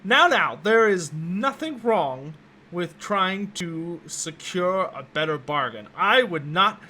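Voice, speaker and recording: A man voicing a courteous, soft-spoken gentleman scholar in a tabletop game, speaking formally and a little hesitantly. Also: sits high, expressive, takes it slowly, heavily acted. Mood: genial. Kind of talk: tabletop game role-play.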